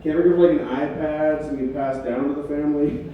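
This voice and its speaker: A man's voice: a little high, level tone, quick pace, lo-fi sound, a little hiss or hum. A man doing a stand-up comedy set in a club, laid-back and swearing casually, chuckling at his own jokes. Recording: echoey club recorded from far off.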